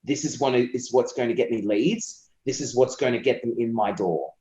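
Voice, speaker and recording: A man's voice: mid-range voice, moderate pace, warm tone. Passionate, talkative Australian man on a dull roomy line. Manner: passionate, talkative, acts out client quotes. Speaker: copywriter being interviewed. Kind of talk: casual interview conversation.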